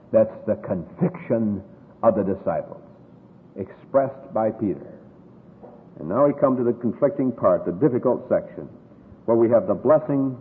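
An American man preaching a sermon, emphatic and drawing out scripture quotes slowly. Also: mid-range voice. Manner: emphatic, drawn-out quoting of scripture. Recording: echoey hall over a tinny phone-like line.

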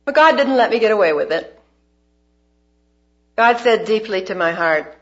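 A woman speaking at a church gathering, telling a personal story in a devotional talk, shifting between emphatic bursts and soft asides. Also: mid-range voice, expressive, moderate pace, long pauses. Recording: dull lo-fi recording.

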